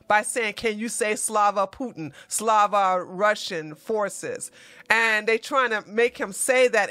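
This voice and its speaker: Woman, commentary host, bright tense voice, dry close sound, emphatic and heated. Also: medium pitch, no echo. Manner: animated, emphatic, profane outbursts. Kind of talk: casual commentary over a played video.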